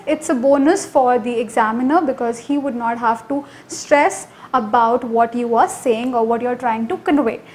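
High-voiced Indian English woman tutor. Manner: energetic, emphatic teaching with promotional pitches. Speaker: IELTS tutor. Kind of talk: online lesson.

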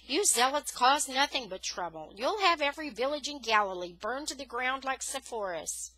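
A woman's voice: high-pitched, lively intonation, normal speed, pushed and bright, no echo, pitched above the performer's own voice, heavily acted, poor audio. A woman reading the lines of a stern village man who warns a young hothead. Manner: stern, warning.

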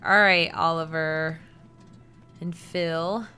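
A young woman commenting casually on a game she plays, chatty and excitable. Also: sits low, slow. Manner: chatty, excitable, reacting with gasps and laughter. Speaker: gameplay streamer. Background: game music.

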